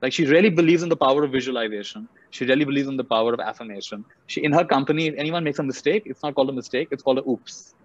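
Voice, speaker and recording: Fast-talking Indian English man. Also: mid-range voice, no room sound. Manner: animated, acts out characters. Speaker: speaker. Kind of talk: motivational storytelling talk. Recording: dull muffled audio.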